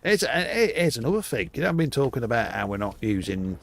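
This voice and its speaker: A man's voice: medium pitch, sing-song, fairly quick, gravelly. An older man livestreaming a game, chatting to viewers in a rambling, profane, jokey way. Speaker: game streamer. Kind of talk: live gameplay commentary. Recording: game gunfire in the background.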